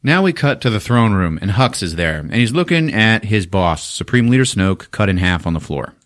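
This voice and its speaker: Animated man, lively swearing storyteller. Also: fairly low pitch, moderate pace. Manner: animated, swears often, acts out quotes in silly voices. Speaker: podcast host recapping a film. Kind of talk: casual profane retelling. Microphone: podcast mic.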